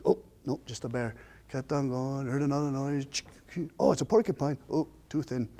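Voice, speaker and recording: Man, storyteller, folksy, lively, shifting pace, dramatic pauses. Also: medium pitch. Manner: homespun, folksy phrasing. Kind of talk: oral storytelling.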